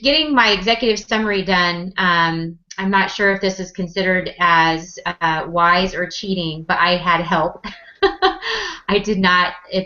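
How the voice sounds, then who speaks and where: Confident lady on a panel, lowish bright voice, dull recording. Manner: confident, reflective. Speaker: entrepreneur, competition winner. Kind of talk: panel discussion answer. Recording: muffled lo-fi recording.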